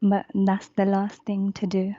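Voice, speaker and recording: A woman calling into a live debate, sleepy and monotone, giving brief replies. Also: mid-range voice, measured pace, dry recording, dull audio. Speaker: caller in a debate.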